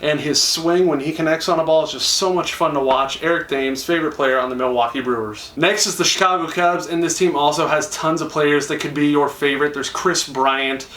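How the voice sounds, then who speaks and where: Quick and hardly pausing, a young YouTuber with a high-ish, somewhat bright voice chats eagerly to his camera and performs quoted lines. The audio is echoey, with him a little off-mic and far from it.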